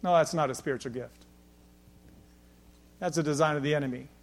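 A middle-aged man preaching a sermon as pastor, emphatic and rhetorical, building to near-shouts at his peaks. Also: a little high, brisk. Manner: repeats "can I tell you" rhetorically.

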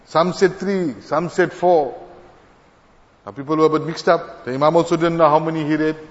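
A man preaching a sermon in an earnest, emphatic way, telling stories of pious elders and rising in pitch on key points. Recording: dull lo-fi sound with long hall reverb.

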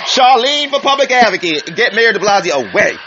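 A man's voice: high-pitched, animated, fairly quick. A man hosting a community talk show, sassy and theatrical, calling listeners honey and child. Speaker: community radio host. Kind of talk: flamboyant comic commentary. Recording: dull lo-fi recording with loud hiss.

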